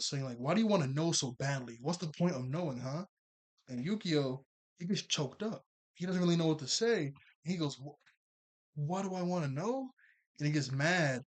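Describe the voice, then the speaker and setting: A man casually recapping an anime episode, rambling and chuckling as he paraphrases the characters' lines. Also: medium pitch. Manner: rambling, laughs often, quick paraphrased quotes. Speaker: anime reviewer.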